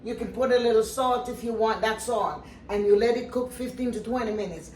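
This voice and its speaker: Talking sincerely and straight to her audience, an older woman presents a casual home cooking vlog. Her voice sits on the high side and is a little fast and a little mellow; the room echoes, she's a bit far from the mic, and there's slight background noise.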